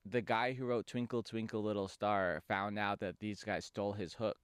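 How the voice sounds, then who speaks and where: A man's voice: lowish voice, steady tone, moderate pace, clear, resonant tone, dry recording, studio quality. A man hosting a comedy podcast, rambling and joking at his own expense. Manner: joking, rambling, self-deprecating. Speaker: podcast host. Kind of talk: casual comedy podcast chat.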